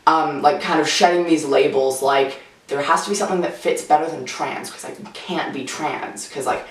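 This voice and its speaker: Candid and casual, this teenager answers interview questions with plenty of "like" fillers, speaking at normal speed in a medium-pitched voice. The sound is roomy, as if from a far-off mic, with faint music underneath.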